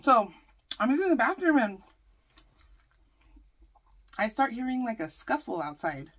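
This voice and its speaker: A woman vlogger chatting through a storytime while eating, animated and full of fillers. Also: fairly high pitch, measured pace, slightly rough. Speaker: mukbang vlogger.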